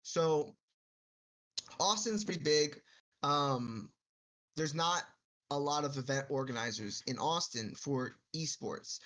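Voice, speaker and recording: A man who runs esports tournaments, chatting on a podcast. He jokes and boasts, then explains his plans in slow, careful detail. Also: on the high side, fairly bright tone. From Texas. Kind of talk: casual podcast chat.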